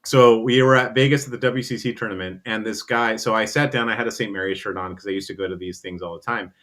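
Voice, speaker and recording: A man's voice: lowish voice, fast. A man telling a long profane anecdote in casual chat, acting out the other people's lines as he goes. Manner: profane, animated storytelling with voiced asides.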